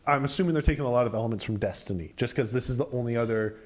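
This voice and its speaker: A man on a casual gaming podcast, wondering aloud and often trailing off quietly. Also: medium pitch, rapid-fire.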